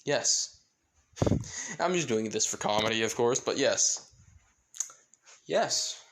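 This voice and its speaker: A man's voice: mid-range voice, animated, slow, noisy background. A man casually narrating a fan-fiction story, rambling with many fillers and side comments. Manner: rambling, filler-heavy asides.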